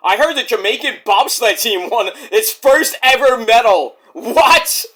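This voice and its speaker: A man's voice: extremely high pitch, normal speed, fairly bright tone. A man casually reviewing a wrestling show in a rambling, jokey, profane way.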